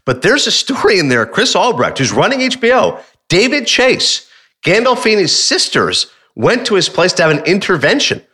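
A man co-hosting a casual sports and pop culture talk show, animated and full of quick asides. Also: sits high, husky. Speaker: co-host.

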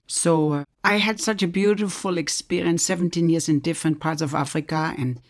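A middle-aged woman from Germany, introducing her own book with earnest personal storytelling. She often drops into a soft near-whisper. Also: lowish voice, fairly even intonation, fairly quick. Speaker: author.

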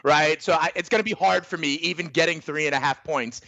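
A man's voice: on the high side, a little fast, gravelly, bright, forceful tone, no echo. A man co-hosting a sports betting show, chatting conversationally and often checking for agreement. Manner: conversational, asks for agreement with "right?". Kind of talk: casual sports betting talk.

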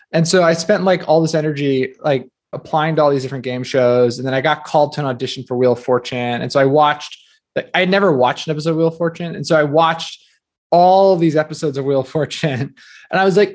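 Guest spot: man in his 30s from new jersey, fairly high voice, talkative and loose, lots of fillers. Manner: chatty, quick, filler-heavy with many "like"s. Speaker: guest author. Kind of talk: casual podcast interview.

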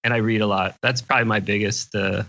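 A man's voice: fairly low pitch, fairly even intonation, quick pace, vocal fry, bright, forceful tone, dull audio. An older man, a guest investor on a podcast, answering questions in an easygoing, plain-spoken way. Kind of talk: casual interview chat.

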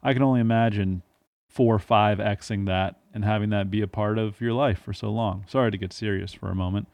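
A man's voice: on the low side, steady tone, fairly quick, vocal fry, a little mellow, no echo. A man co-hosting a casual sports podcast, speaking in a laid-back way. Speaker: podcast co-host.

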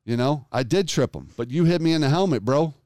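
Foul-mouthed guy in his 40s telling a story, smooth clear voice, dry close sound. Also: fairly high pitch, brisk, no room sound. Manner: profane, animated storytelling. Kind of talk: casual storytelling chat.

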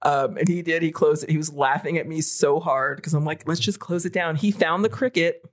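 Animated, swearing woman in her forties. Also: sits low, fairly quick. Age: 40s. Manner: animated storyteller, swears freely. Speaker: podcast co-host. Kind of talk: casual podcast chat.

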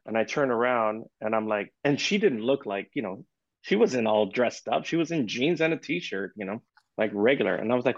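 A man being interviewed as a guest percussionist, telling lively stories with lots of "you know" and casual swearing. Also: mid-range voice, normal speed, dry recording. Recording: dull, lo-fi, dry sound.

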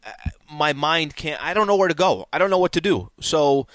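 A man co-hosting a sports radio show, teasing his partner and halting when put on the spot. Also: fairly high pitch, animated, fairly bright tone, no echo. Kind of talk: casual sports radio banter.

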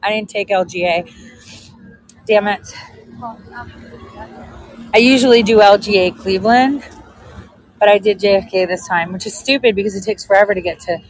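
A woman's voice: mid-range voice, normal speed, long pauses, poor audio. A woman telling a story in a casual vlog, chatty and sarcastic, often laughing. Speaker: vlogger.

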